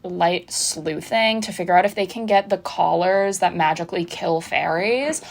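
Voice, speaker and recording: A woman's voice: on the low side, moderate pace, creaky. Sarcastic, chatty young woman recapping. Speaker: pop culture vlogger. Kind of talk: casual TV recap.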